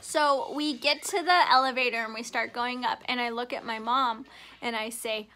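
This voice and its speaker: A woman's voice: fairly high pitch, steady tone, moderate pace, pushed and bright. A young woman vlogger telling a personal story in a chatty, giggly way, full of "like". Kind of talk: casual storytelling.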